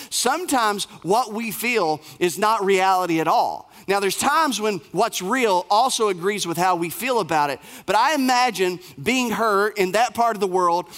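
A man's voice: high voice, fairly bright tone. A male pastor preaching a sermon in a conversational way, asking the audience questions and acting out quotes.

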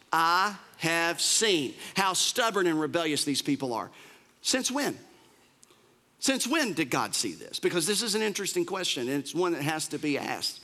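Animated, bright-voiced male preacher. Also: sits high. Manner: animated, conversational preaching with humorous asides. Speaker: pastor. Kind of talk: sermon.

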